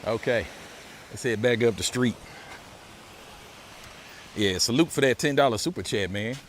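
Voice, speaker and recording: A man's voice: mid-range voice, measured pace, a little hiss or hum. Laid-back man streaming live while walking outdoors. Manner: laid-back, thanks viewers for donations, repeats phrases. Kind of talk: casual live-stream walk and talk. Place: outdoors by a beach and pools.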